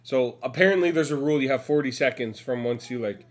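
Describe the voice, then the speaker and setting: A man's voice: mid-range voice, fast. A man co-hosting a podcast, chatting casually and laughing as he tells stories. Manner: giggly, laughs through his stories. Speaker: podcast co-host. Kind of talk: casual chat.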